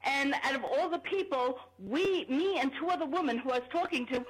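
A woman's voice: high-pitched, expressive, brisk. A woman with a Long Island accent calling in to a radio talk show, earnest and matter-of-fact. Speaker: caller. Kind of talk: call-in radio. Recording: phone line into a radio show.

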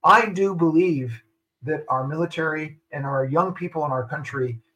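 An older man with a fairly high, bright and forceful voice talks as a guest on a radio show. He numbers his points and repeats the key lines for emphasis, with the firm delivery of a retired army officer. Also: moderate pace, poor audio. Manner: emphatic, lists points and repeats them for stress. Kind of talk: radio interview.

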